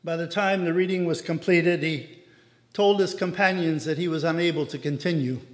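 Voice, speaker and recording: A man reading a devotional story aloud in a measured way, acting out the characters, in a reverberant hall. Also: fairly high pitch, fairly even intonation.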